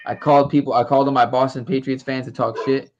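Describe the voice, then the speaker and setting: A man's voice: mid-range voice, fast, a little hiss or hum. A man telling a story in casual chat, acting out what others said as he goes. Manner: animated storyteller acting out quotes. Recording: dull lo-fi audio.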